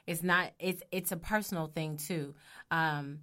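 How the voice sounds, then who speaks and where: A woman co-hosting a casual faith talk show, telling a personal story in an animated way and laughing often. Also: deep voice, a little slow. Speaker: podcast co-host.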